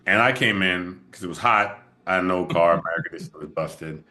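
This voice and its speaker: Deep-voiced man telling a casual story. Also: fairly quick. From moved to LA as an adult. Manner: relaxed storytelling, laughs often. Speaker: podcast host. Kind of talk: casual interview chat.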